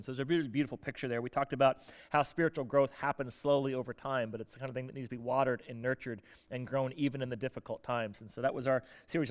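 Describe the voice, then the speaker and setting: A man preaching a sermon as pastor, talking conversationally and joking, with frequent restarts. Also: mid-range voice. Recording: long reverb of a church hall.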